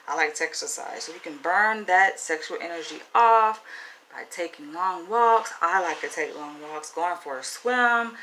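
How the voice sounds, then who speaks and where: A woman's voice: mid-range voice, fairly bright tone, slight background noise, poor audio. A woman with a Southern US accent talking frankly to camera in a casual, chatty advice vlog. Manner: frank, chatty, asks "right?" often. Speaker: vlogger.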